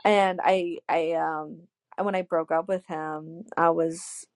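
Brief: twenties woman, low-ish creaky voice, dry close sound, animated storyteller. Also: takes it slowly, dry recording. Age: 20s. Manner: animated storyteller, acts out quotes, many "like"s. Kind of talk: casual chat, telling a personal story.

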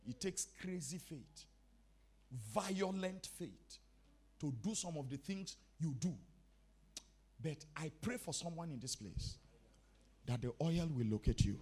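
A man delivers a sermon in an emphatic, insistent style. He repeats key words over and over to drive the message home, and his voice sits a little higher than most men's. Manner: storytelling with acted-out dialogue. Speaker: preacher.

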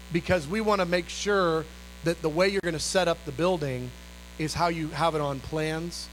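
A man's voice: sits high, slight background noise, voice pushed down, low-quality recording. A man doing a drawling bureaucratic fire inspector. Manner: casual, drawling, full of um and uh. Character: offhand middle-aged male fire inspector, bureaucratic.

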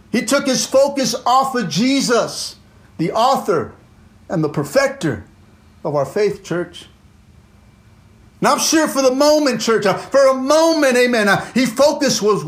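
High-voiced, fervent preacher man. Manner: fervent preaching, peppered with "amen" and "come on"; swings between loud exclamations and low, quiet asides. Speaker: pastor. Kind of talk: sermon.

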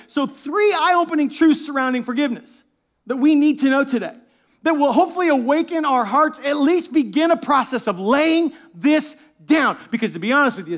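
A man with a fairly high voice delivers a sermon as pastor. He preaches with animated energy and laughs at his own asides, then softens to a hushed tone when he reads scripture aloud.

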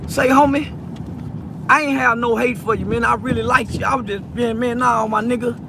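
A man's voice: extremely high pitch, fairly even intonation, moderate pace, creaky. A man in a car speaking through tears, repeating himself in a preachy, emotional plea to someone he saw in a video. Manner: tearful, repetitive, preachy. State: teary, choked up. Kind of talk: emotional address to a viral video subject. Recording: car and street noise behind. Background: traffic and outdoor ambience.

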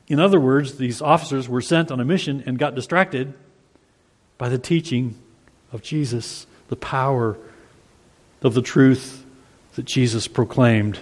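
A man's voice: medium pitch, a little slow, long pauses. Earnest preacher man in a reverberant hall. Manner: earnest, emphatic, reads scripture aloud. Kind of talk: expository sermon.

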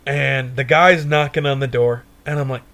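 A young man co-hosting a podcast, telling a stoner story in a profane, animated way and laughing often. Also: medium pitch, moderate pace. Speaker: podcast co-host. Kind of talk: casual storytelling chat.

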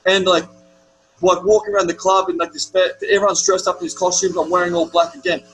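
A young Australian man in casual chat, telling an animated story with lots of swearing. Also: high-pitched, quick pace, slight background noise, poor audio. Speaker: podcast guest.

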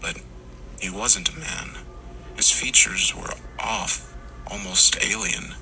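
A man reading a scripted horror story in slow, hushed tones, sometimes dropping to a whisper. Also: sits low, gravelly, background noise. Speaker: narrator.

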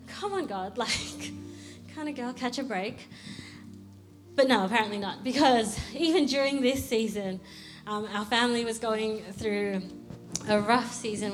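A young woman youth pastor, sharing a candid personal testimony in a sermon and laughing at her own struggles. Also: on the high side. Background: music.

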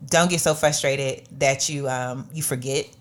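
A woman with a low voice, reading scripture and speaking earnestly to listeners on a faith podcast. Her encouragement comes across sincere and steady. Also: moderate pace. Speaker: podcast co-host.

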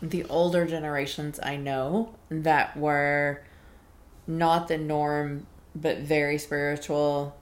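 A woman's voice: deep voice, level tone, slow. A woman co-hosting a casual podcast chat, speaking thoughtfully and laughing easily. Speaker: podcast co-host.

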